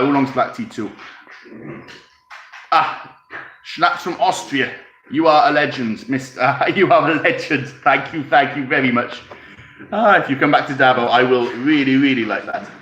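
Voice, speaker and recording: A Welsh man with a sharp-toned, mid-range voice chats casually on a live stream from home, recorded in an echoey room with slight background noise. He reads out comments, rambles, and chuckles while sipping tea.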